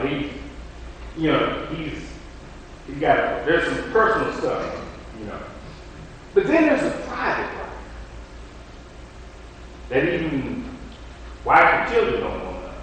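A man preaching an informal, storytelling sermon in a folksy, lively way. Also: on the high side, a little hiss or hum. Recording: echoey hall from far off.

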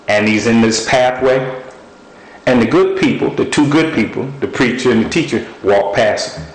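A man preaching a sermon, telling personal stories in a lively, folksy way and sometimes quoting what God said to him. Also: medium pitch, echoey room, poor audio. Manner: animated storytelling, folksy speech.

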